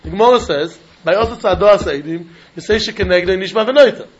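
A man teaching a Talmud class, animated and questioning, mixing in Yiddish and Hebrew terms. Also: high-pitched, brisk, highs cut off.

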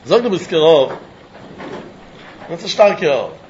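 High-voiced man giving a Talmud lecture. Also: moderate pace, lo-fi sound, a little hiss or hum. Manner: lively, questioning, mixes English with Yiddish and Hebrew terms. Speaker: Talmud teacher.

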